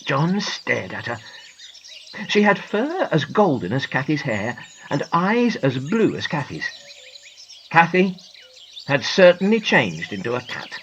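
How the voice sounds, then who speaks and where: A woman narrating a children's storybook in a gentle, expressive manner. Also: low voice, measured pace, long pauses, dull audio, a little hiss or hum.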